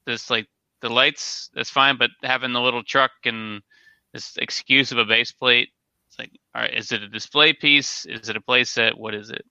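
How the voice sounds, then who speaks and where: A young man talking things over in a loose, rambling, opinionated way, with a very bright, forward tone. The sound is dry and close, with no room around it. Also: medium pitch, fairly even intonation, normal speed, creaky, smooth, dry recording, dull audio. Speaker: co-host reviewing toy sets. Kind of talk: casual chat.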